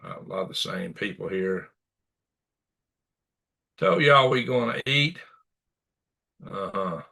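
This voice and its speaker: A man's voice: lowish voice, expressive, takes it slowly, creaky, pushed and bright, breathy edge. A man hosting a commentary show, reacting to clips with blunt, indignant rants and repeated insults. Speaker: news commentary host.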